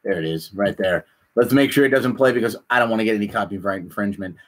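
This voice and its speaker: A man hosting a casual chat, rambling and animated, often repeating himself. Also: on the low side, fast talker, a little hiss or hum. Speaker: podcast host.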